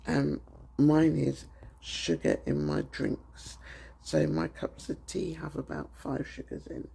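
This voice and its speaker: Croaky British male vlogger, husky and mellow, talks openly to his phone with lots of ums. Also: on the high side, steady tone, takes it slowly. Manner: chatty and candid, with frequent ums. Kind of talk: casual chat to camera.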